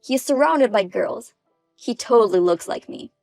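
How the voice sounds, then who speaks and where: A woman reading the lines of a smug, bullying ex-husband in his forties for a text story, in a gravelly, dry voice. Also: on the high side, animated, normal speed, darkish tone, dry recording, faint music behind. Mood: gloating.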